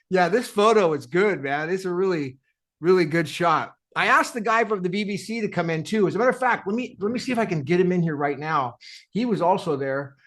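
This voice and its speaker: A man's voice: sits high, expressive, moderate pace, a bit bright. A man hosting a live audio chat, casual and jokey, laughing often and calling people "dude". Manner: laughing, loose and jokey, says "dude" a lot.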